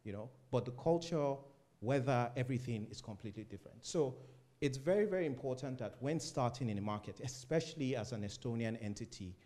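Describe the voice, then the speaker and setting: A man from Africa, a startup founder, speaking casually on a panel and acting out loud conversations with a laugh. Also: mid-range voice, a little fast. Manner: animated, acts out loud phone talk with laughter.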